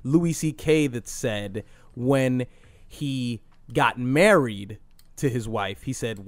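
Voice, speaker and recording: A man's voice: medium pitch, slow pace, no room sound. A young man hosting a podcast, chatting casually with crude jokes and frequent laughs. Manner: rambling, crude, laughs often. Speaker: podcast host.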